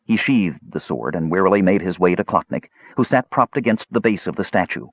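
A man reading a fantasy novel aloud as an audiobook narrator, expressive and dramatic, in a slightly muffled recording. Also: low voice, a little fast, husky, no room sound.

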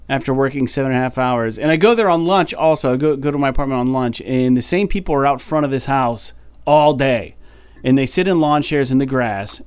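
A man co-hosting a podcast, telling a story in a casual, animated way and sounding fed up. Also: mid-range voice, clear, resonant tone, no room sound. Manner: animated, exasperated storytelling with many fillers. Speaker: podcast co-host.

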